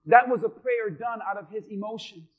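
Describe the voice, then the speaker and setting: A man's voice: high-pitched, brisk. A male pastor preaching a sermon, asking the congregation questions and acting out quotes in between. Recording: dull lo-fi recording.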